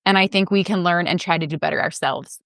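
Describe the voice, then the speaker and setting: A woman's voice: fairly low pitch, fast talker, fairly bright tone, dry recording, studio quality. A woman hosting a podcast, reflective and conversational with her guest. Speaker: podcast host. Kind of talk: podcast interview chat.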